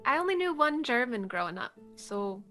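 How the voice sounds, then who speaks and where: A woman voicing a calm young male student with a dry, teasing manner in a tabletop role-play. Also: fairly high pitch, moderate pace, faint music behind.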